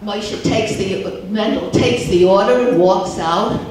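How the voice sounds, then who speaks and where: A woman's voice: mid-range voice, darkish tone, a little hiss or hum. An older woman telling jokes at a talent show in a chatty storytelling manner, recorded from far off in an echoey hall. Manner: slow, chatty storytelling with Yiddish words. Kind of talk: stage joke-telling. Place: large theater stage.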